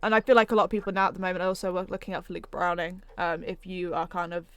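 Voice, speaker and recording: A woman's voice: lowish voice, level tone, racing, smooth, dry recording. A woman co-hosting a casual podcast chat and running a quiz, talking chattily and stumbling over names with a laugh at herself.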